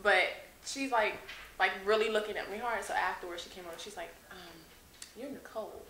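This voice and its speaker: A woman's voice: medium pitch, quick pace, pushed and bright, echoey room, a little hiss or hum, poor audio. A woman actress telling anecdotes in a casual, conversational interview. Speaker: actress guest.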